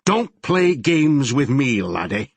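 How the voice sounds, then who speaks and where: A man voicing a gruff, bullying male detective with a Glaswegian accent, snarling through an interrogation in an audiobook. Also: medium pitch, big pitch swings, normal speed, dry recording, voice pushed up. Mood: menacing. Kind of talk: audiobook character reading.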